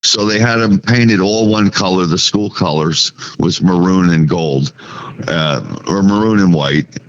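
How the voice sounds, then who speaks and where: A sign painter from New Jersey speaks in a low, slightly slow voice, muffled in the recording. Telling casual stories, he recalls his early days as a podcast guest and acts out the quoted dialogue.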